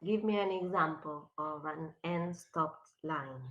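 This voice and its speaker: Woman teacher walking a class through a poem, slow, bright voice, kinda muffled recording. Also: low-pitched, slight background noise. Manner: slow and questioning, switches to Spanish. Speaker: literature teacher. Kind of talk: classroom lecture.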